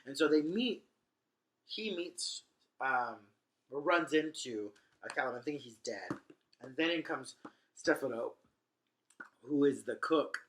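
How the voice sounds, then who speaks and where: A man's voice: medium pitch, lively intonation, measured pace, pauses often, a bit bright, slight background noise. A man casually retelling a play for laughs, rambling and chatty with slangy asides. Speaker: host.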